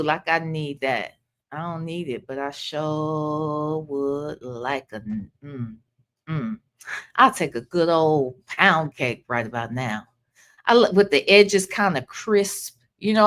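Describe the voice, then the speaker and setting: A woman's voice: sits low, fairly bright tone. A woman hosting a casual livestream, chatting and greeting viewers by name. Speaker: livestream host.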